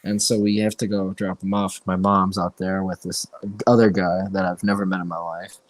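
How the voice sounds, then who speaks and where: A man's voice: sits low, little pitch movement, normal speed, no room sound. A young man co-hosting a casual podcast, telling a story with lots of energy and swearing freely. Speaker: co-host.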